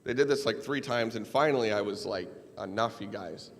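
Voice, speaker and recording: A man's voice: on the low side, fairly quick. A man from Minnesota giving a keynote speech, telling a personal story with wry, self-deprecating humor. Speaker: keynote speaker. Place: large event hall. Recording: long hall reverb.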